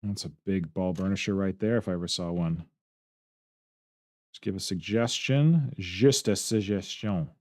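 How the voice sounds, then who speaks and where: Man, low voice, muttering short asides while sculpting, dry close sound. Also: lively intonation, moderate pace, long pauses, darkish tone, dry recording. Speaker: miniature terrain sculptor streaming his work. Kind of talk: casual running commentary while working.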